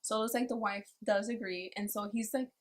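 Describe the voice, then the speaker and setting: Speaking briskly in a medium pitch, this woman reviews anime by casually walking through an episode. Her retelling is full of curse words, and she performs the quotes with plenty of animation.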